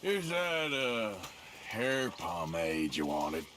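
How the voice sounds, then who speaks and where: A terse outlaw, slow drawl, mid-pitched, game dialogue. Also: male voice, big pitch swings, noisy background. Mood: dry. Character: gruff adult male outlaw, laconic.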